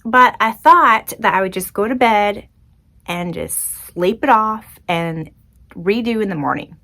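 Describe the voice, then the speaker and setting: A woman hosting her own podcast, telling a personal story in a chatty, expressive, self-deprecating way. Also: medium pitch, measured pace, creaky. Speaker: podcast host. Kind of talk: casual solo podcast storytelling.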